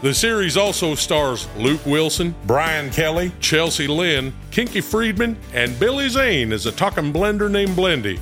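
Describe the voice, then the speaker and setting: A man's voice: a little high, sing-song, unhurried, hardly any pauses. An actor playing a folksy male country music pioneer, with a drawl. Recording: music bed under voice. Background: loud music.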